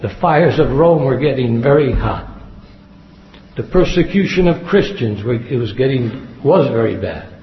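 A man's voice: medium pitch, animated, a little slow, slight background noise. A man preaching a sermon in an earnest way, repeating key phrases for emphasis. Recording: echoey hall, dull lo-fi sound.

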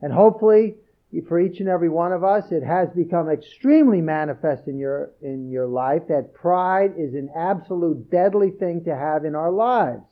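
Earnest high-voiced preacher, lo-fi sound. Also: male voice, normal speed. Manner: earnest, emphatic, repeats key phrases. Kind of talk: sermon.

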